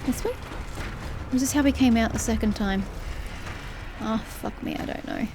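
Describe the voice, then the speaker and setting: A woman's voice: on the high side, normal speed, noisy background. A young woman giving casual let's-play commentary, frustrated and swearing as she mutters to herself. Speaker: gaming streamer.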